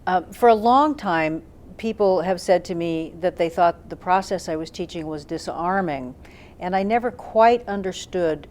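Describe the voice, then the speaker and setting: Low-voiced woman explaining thoughtfully. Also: a little mellow, slight background noise. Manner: thoughtful, demonstrates questions with tone shifts, frequent um and uh fillers. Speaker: communication trainer. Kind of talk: explanatory talk to camera.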